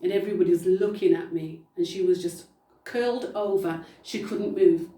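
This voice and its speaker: A woman preaches a testimony sermon in a low, mellow voice, building her story through emphatic repetition. She sits well back from the microphone in a roomy space that rings with echo. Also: fairly even intonation, normal speed. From United Kingdom. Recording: roomy echo, distant mic.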